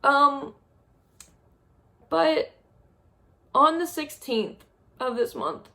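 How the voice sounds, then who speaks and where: A young woman vlogging a monthly review from a small spare room, speaking haltingly and wearily while close to tears. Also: high-pitched, vocal fry, pushed and bright. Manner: halting, heavy, emotionally drained. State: on the verge of tears. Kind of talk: tearful monthly review vlog.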